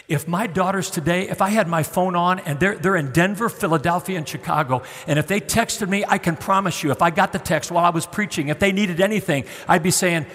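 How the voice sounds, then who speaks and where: A middle-aged man preaching a sermon as a guest preacher, swinging from loud pleading to hushed, tender near-whispers. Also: mid-range voice, fairly quick. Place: church sanctuary. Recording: long hall reverb.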